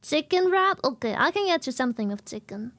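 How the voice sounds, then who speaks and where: High-voiced playful woman streamer. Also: sing-song, fairly quick, fairly bright tone. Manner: playful, singsong, chatty. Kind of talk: casual chat with viewers.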